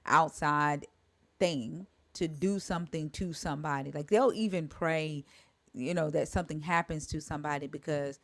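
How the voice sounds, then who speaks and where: A woman hosting a livestream talk, explaining her views in a measured, casual way. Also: deep voice, steady tone, dry recording. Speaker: livestream host. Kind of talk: casual discussion.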